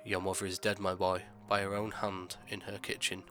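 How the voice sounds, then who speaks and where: A man voicing an aged, sinister gentleman who speaks courteously and with quiet menace. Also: low voice, completely flat delivery, normal speed, soft background music. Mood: courteous, menacing. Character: aged sinister gentleman, smirking, soft-spoken.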